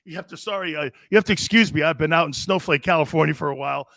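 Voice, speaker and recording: A middle-aged man hosts a sports talk show, shouting and teasing his viewers as he reads their comments. His voice sits high and swings widely, with a gravelly, bright edge. The sound is dry and close. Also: quick pace, dry recording. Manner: loud, hollering, laughing, teasing viewers. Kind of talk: live sports talk reading chat comments.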